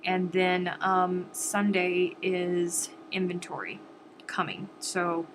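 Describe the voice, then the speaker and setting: A woman's voice: fairly low pitch, steady tone, slow, background noise. A woman hosting a crochet live stream, chatting casually and directly to viewers, with a sniffly, stuffed-up nose.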